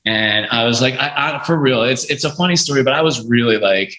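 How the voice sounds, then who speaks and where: A man and podcast guest telling a story in a casual, animated way, swearing freely and acting out what others said. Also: mid-range voice, a little fast. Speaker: podcast guest, music lawyer. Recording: echoey room.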